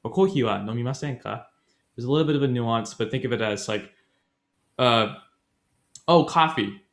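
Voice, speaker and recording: A man's voice: medium pitch, fast talker, darkish tone. A man co-hosting a casual podcast, chatting his way through a language grammar lesson and often correcting himself mid-sentence. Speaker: podcast co-host.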